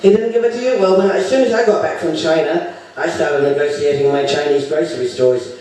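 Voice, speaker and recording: A man's voice: fairly high pitch, a little fast, darkish tone. A man telling stand-up anecdotes in a chatty way at a live comedy show. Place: comedy club. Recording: echoey room from far off, noisy.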